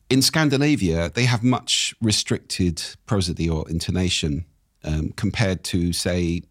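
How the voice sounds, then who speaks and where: Deep husky man explaining with lively intonation. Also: no echo, clean studio sound. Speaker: voice and speaking coach guest. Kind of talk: conversational interview explaining.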